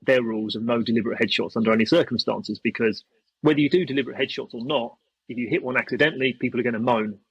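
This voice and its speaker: A man's voice: mid-range voice, racing, slightly rough, dry recording. A man, a podcast guest telling stories in casual chat and acting out quotes in a raised voice. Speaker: podcast guest, airsoft YouTuber.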